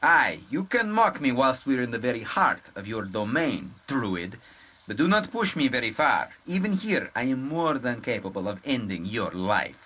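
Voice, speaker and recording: A pompous arrogant wizard. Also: male voice, mid-range voice, sing-song, moderate pace, pushed and bright, slightly rough, full character voice. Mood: threatening. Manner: pompous, florid, theatrical. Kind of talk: video game voice acting.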